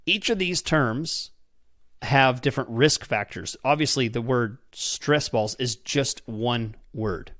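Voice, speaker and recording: A man's voice: medium pitch, no room sound, clean studio sound. A man hosting a podcast, explaining a method step by step, often checking in with "okay?" and repeating words as he restarts sentences. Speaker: podcast host. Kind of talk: instructional podcast talk.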